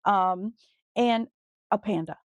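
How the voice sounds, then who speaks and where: A woman's voice: medium pitch, slow pace, no room sound. A woman co-hosting a casual podcast, chatty and storytelling, laughing easily and swearing now and then. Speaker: podcast co-host. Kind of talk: casual chat.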